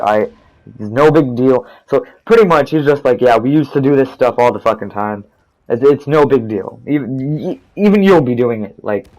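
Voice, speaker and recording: A man's voice: mid-range voice, darkish tone, low-quality recording. A teenage boy telling a rambling, profane story over gameplay, restarting his sentences often. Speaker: gaming storytime narrator.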